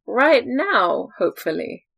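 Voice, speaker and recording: A woman's voice: a little high, very animated, slow pace, creaky, a bit bright, slightly rough. Woman host, chatty and teasing, giggles a lot. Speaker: podcast host. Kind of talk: casual podcast banter.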